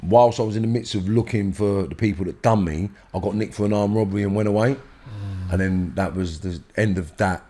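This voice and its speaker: A middle-aged London man telling a rough story as a podcast guest, swearing and acting out the voices of the people in it. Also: lowish voice, a little fast. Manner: swearing, animated, acts out quoted voices loudly. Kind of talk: storytelling in an interview.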